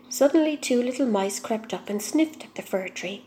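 A woman reading a fairy tale aloud in a gentle, measured storybook manner. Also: a little high, lively intonation, reverberant.

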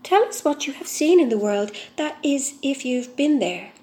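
Tiny, curious storybook mice with high, eager voices, full of questions, as a woman puts them on. They sound excited and keen to hear tales of the world. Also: moderate pace.

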